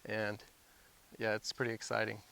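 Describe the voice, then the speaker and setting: Casual man explaining the cave for a documentary, gravelly, dead-flat pitch, lowish, faint hiss. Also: normal speed. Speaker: caver describing the cave. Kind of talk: documentary interview.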